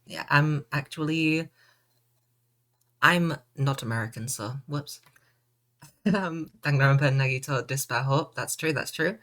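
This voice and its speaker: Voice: mid-range voice, unhurried, long pauses, a bit bright. A casual live-stream voice, playful and chatty, that often breaks into laughter. The streamer reads viewer comments aloud and jokes back at them in a loose, offhand way. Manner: reads and answers chat comments. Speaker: game streamer greeting chat.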